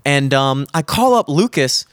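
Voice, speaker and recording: A young man in casual chat, telling a profane, animated story and mimicking the people in it. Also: mid-range voice, measured pace, dry recording.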